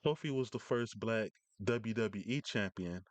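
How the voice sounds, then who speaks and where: A man's voice: lowish voice, unhurried, no echo. A man hosting a casual live stream, rambling through news with many fillers and restarts from his home setup.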